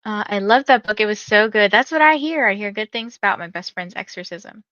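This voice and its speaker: A woman's voice: mid-range voice, lively intonation, a little fast, bright, forceful tone, no echo, lo-fi sound. A young woman hosting a reading livestream, chatting casually with viewers and reading out their comments, with lots of fillers. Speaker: livestream host reading books.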